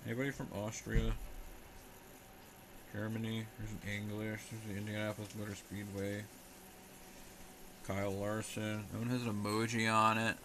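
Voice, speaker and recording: A man's voice: on the low side, monotone, moderate pace, pauses often, background noise. A young man rambling sarcastically on a casual live stream while he talks back to his chat.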